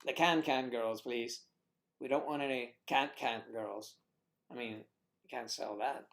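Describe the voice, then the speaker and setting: With a mid-range, slightly bright voice, some vocal fry, and an unhurried pace, a man casually reads viewer comments on his livestream. He's playful and punning, occasionally lowering to a whisper.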